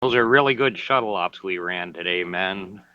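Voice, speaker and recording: A man's voice: low voice, moderate pace, clear, resonant tone. A man chatting casually in an online game session, making dry jokes. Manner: dry, joking remarks. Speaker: player in an online bridge-crew game. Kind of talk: casual voice chat. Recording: dull lo-fi voice chat.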